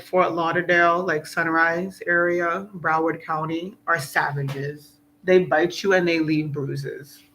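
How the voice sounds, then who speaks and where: A woman's voice: lowish voice, vocal fry, fairly bright tone, a little hiss or hum, low-quality recording. A woman talking in a casual, rambling spiritual vlog, earnest and emotional, preaching at times. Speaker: spiritual vlogger. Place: outdoors in South Florida.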